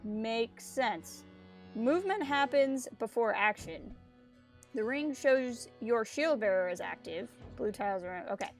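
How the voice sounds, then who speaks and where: A woman's voice: a little high, expressive, unhurried, faint music behind. A woman streaming a game live, chatting casually, joking and reading the on-screen text aloud.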